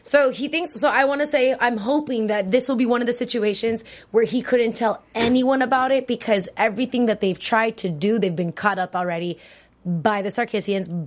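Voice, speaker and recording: A woman talks through a TV episode in a loose, chatty way. She restarts her sentences as she thinks aloud. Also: mid-range voice. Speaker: co-host of a TV recap show. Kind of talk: casual recap chat.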